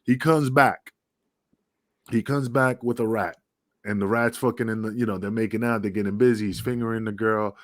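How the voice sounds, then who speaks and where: A man's voice: lowish voice, steady tone, normal speed, dry recording. A middle-aged man, a former pro wrestler, telling rambling, profane backstage stories in a casual podcast chat. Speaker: retired pro wrestler guest.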